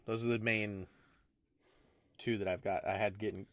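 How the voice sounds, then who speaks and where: A man's voice: lowish voice, little pitch movement, normal speed, dry recording. A young man hosting a casual podcast chat, joking, laughing often and restarting his sentences. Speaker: podcast co-host.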